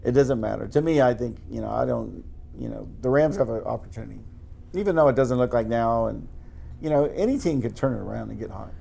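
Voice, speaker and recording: A man co-hosting a casual sports podcast, talking in halting stretches full of restarts and "you know". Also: mid-range voice, creaky, warm tone, husky. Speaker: podcast co-host.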